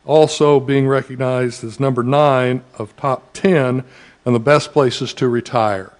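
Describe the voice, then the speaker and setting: A man, a school district administrator, giving a formal public speech in a measured way with frequent "uh" pauses. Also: mid-range voice, fairly even intonation. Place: school event audience setting.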